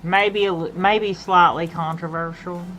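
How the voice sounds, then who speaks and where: A woman's voice: on the low side, fairly even intonation, unhurried, fairly bright tone, soft background music, low-quality recording. A woman from Appalachia with an Appalachian accent, chatting casually on a gaming stream and rambling, often repeating and restarting her phrases.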